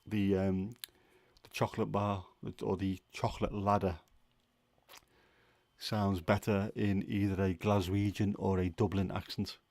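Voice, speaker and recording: A man's voice: lowish voice, flat delivery, measured pace, darkish tone, no echo. A man hosting a casual livestream chat, rambling and musing with plenty of fillers and restarts. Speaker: livestream host.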